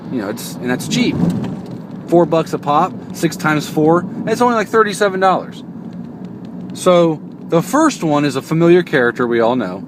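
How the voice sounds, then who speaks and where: A young man vlogging from behind the wheel, chatting casually and joking, into a phone stuck to the car window. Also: fairly high pitch. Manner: rambling, joking, self-interrupting. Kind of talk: casual chat to camera. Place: inside a car, driving. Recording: road noise inside a car.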